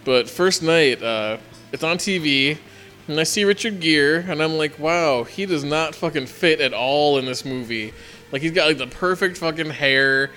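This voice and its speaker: A man rambling candidly through stories in a loose conversation, swearing casually as he goes. His voice is a touch high and has a bright, forceful edge. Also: normal speed. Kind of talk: casual chat.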